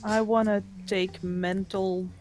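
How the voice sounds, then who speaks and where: A woman playing a tabletop game, speaking in a thoughtful, measured way as her character. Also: mid-range voice, flat delivery, darkish tone. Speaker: player.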